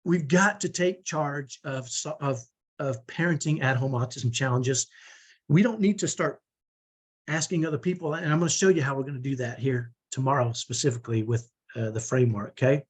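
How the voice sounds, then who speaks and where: A man's voice: medium pitch, moderate pace, husky. A man in his fifties giving an online parenting training, earnest, motivational and direct. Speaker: parenting coach.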